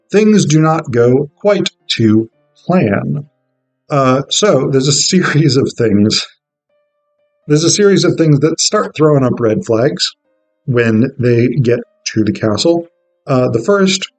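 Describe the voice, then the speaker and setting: A man's voice: mid-range voice, animated, takes it slowly, faint music behind, low-quality recording. A man explaining a poem in a casual, irreverent way, with swearing and chatty fillers. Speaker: literature video host.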